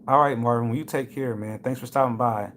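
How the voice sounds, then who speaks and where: A man's voice: medium pitch, fairly even intonation, fairly quick, a bit bright, slight background noise. A man hosting a casual cannabis livestream. He tells stories and greets viewers by name in a chatty way. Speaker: livestream host. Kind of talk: casual live-stream talk.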